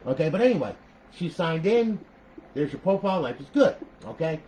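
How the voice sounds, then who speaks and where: A man walking viewers through a modded game console setup in a casual, talky tutorial, checking in with "okay?" after nearly every step and breaking into animated outbursts. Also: a little high, fairly quick, slight background noise, poor audio. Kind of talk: casual screen-recorded tutorial.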